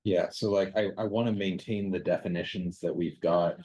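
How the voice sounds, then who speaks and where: Man, committee member in a meeting: very low, husky voice, relaxed delivery, dry close sound. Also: moderate pace, no room sound, lo-fi sound. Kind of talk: casual meeting discussion. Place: meeting room.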